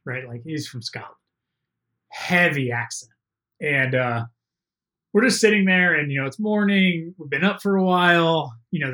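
Man, podcast guest, bright tone, slightly high voice, animated storytelling. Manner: animated, laughing through a funny story. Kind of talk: casual storytelling.

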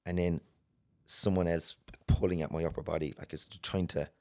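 An Irish man telling a personal story as a podcast guest, earnest and halting, with many restarts. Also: deep voice, steady tone, dark tone. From Ireland.

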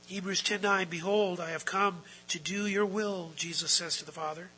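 A man preaching a sermon, emphatic, moving between quiet explanation and loud, drawn-out stresses. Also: sits high, steady tone, slight background noise, rough recording. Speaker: pastor.

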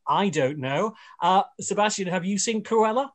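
A man's voice: sits high, lively intonation, moderate pace. A man hosting a radio panel chat in a rambling way, with many fillers and restarts. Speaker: radio show host.

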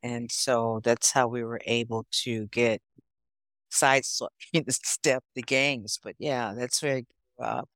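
A woman in her sixties from Chicago, a guest on a podcast, telling stories in a casual, animated way. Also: a bass voice, unhurried, dry recording. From Chicago, USA. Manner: storytelling, animated, laughs often. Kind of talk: casual interview chat.

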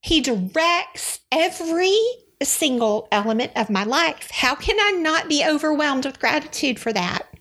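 Sniffling through tears, the devotional podcast host from Texas speaks a little slowly in a high-pitched, fairly bright voice with lively intonation. She sits at a studio microphone, effusive and emotional as she shares her Christian message.

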